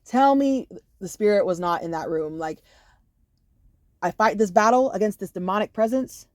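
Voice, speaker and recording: Woman, casual storytime, animated and profane, dry close sound. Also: medium pitch, normal speed, no echo. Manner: profane, animated, full of fillers like "you know". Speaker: storyteller vlogger.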